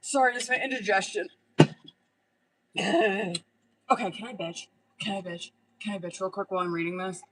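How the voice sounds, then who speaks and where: Casting: young woman tarot reader on a live stream, bright tone, blunt, swears a lot, chatty. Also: mid-range voice, fairly even intonation, moderate pace, long pauses, rough recording. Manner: blunt, profane, chatty, laughs often.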